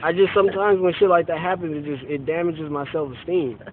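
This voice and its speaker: A young adult man, drunk, rambles deadpan through a story for his friends outside at night by a car, repeatedly dropping "you know what I'm saying." His voice leans high and he talks a little fast. The phone-camera recording sounds tinny, lo-fi, and hissy.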